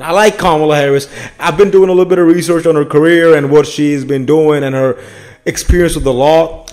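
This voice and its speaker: A man's voice: fairly high pitch, a little mellow. A man hosting a casual political reaction commentary, blunt and profane, often adding "man" and "bro.".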